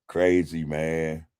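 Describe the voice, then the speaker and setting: Deep-voiced laid-back man chatting. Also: darkish tone, clean tone. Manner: laid-back, swears freely, chuckles often. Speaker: podcast host reading live chat. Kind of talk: casual livestream chat.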